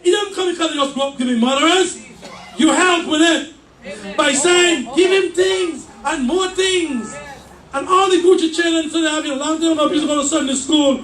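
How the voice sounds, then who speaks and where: A man preaching a fervent sermon in a church, shouting his points with call and response. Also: very high-pitched, fairly quick. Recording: echoey church mic from far off.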